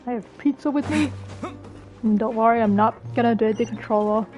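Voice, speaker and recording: A woman's voice: fairly high pitch, a little fast, a little mellow, lo-fi sound, faint music behind. A young woman streaming a game, chatting casually and tossing in joking, snarky asides. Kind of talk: casual gameplay commentary.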